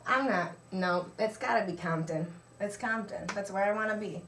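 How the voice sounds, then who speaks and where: A woman plays a hockey guest in a spoof interview, giggly and laid-back. She talks slowly and easily. Her voice sounds roomy and far from the mic, with a faint hiss behind it. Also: medium pitch, a bit bright. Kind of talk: mock interview comedy.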